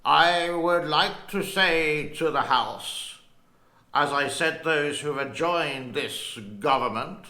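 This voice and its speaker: A man doing a booming old statesman impression. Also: pushed and bright, full character voice. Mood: grandiose oratory. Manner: slow booming oratory with growled "bah"s. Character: older male wartime prime minister, gruff and grandiose. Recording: roomy echo.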